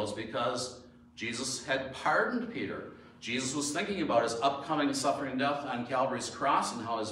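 A man's voice: mid-range voice, fairly bright tone. Male pastor, sermon, storytelling and emphatic questions; very echoey, distant mic. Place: church sanctuary. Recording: echoey church from far off.

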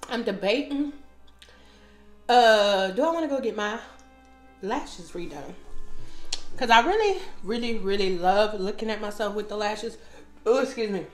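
A middle-aged woman with a mid-range voice who eats on camera and chats to her viewers between bites, humming and sighing over the food. Faint music plays softly behind her. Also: medium pitch, roomy sound. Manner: chatty, talks to viewers while eating, lots of mm sounds. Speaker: mukbang host. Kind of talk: casual eating chat.

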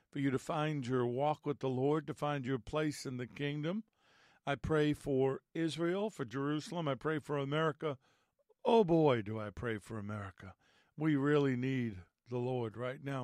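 Earnest man praying, slightly raspy. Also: medium pitch, a little mellow, no room sound, studio quality. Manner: earnest, measured, prayerful. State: raspy from allergies. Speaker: host and Bible teacher. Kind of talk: prayer and Bible teaching.

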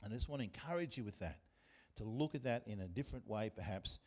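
A man's voice: lowish voice, animated, quick pace, a little mellow. A man with an Australian accent preaching a sermon as pastor, talking conversationally and putting questions to the congregation. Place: church.

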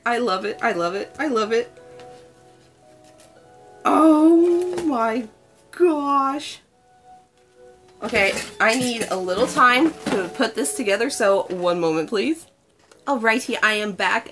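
A woman's voice: on the high side, a bit bright. A young woman chatting through an unboxing, gushing and gasping with delight over each item. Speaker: unboxing vlogger. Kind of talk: excited unboxing chat.

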